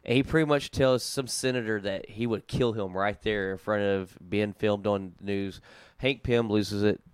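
A young man with a Southern US drawl recaps the story for his podcast co-hosts, animated and quick to laugh. His voice sits low, smooth and resonant. The sound is dry and close. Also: dry recording. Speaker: podcast co-host recapping comics. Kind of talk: casual chat.

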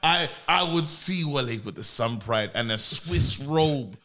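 A man's voice: medium pitch, lively intonation, a little slow, bright, forceful tone. A young man, co-hosting a podcast and teasing his friends with playful stories. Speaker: podcast co-host. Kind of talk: casual banter.

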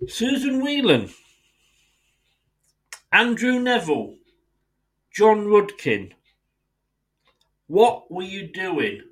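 A man's voice: high-pitched, very animated, extremely slow, long pauses, low-quality recording. A man hosting a football fan podcast, delivering an indignant, sweary solo rant addressed straight at his club's owners.

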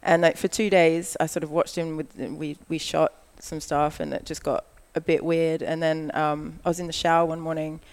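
Chatty woman telling a story, gravelly edge. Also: low-pitched, normal speed, few pauses. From Australia. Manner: animated storytelling, acts out quoted lines, frequent "like". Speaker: guest, model. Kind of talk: casual storytelling chat.

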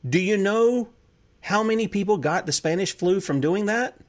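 Male talk host, fairly high voice, heated and preachy. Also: normal speed. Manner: heated, preachy, rhetorical questions. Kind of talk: impassioned political talk show monologue.

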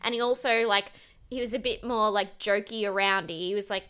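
A woman's voice: mid-range voice, steady tone, brisk, fairly bright tone, clear, resonant tone. A young woman co-hosting a podcast, chatting casually and animatedly, laughing often and acting out quotes. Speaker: podcast co-host. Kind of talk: casual chat recapping a reality show.

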